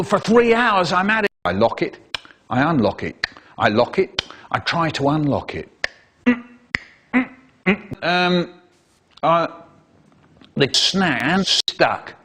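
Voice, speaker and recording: A man's voice: mid-range voice, sing-song, takes it slowly, pauses often, bright, forceful tone, slight background noise. An older man telling a comic story with sing-song sound-effect words.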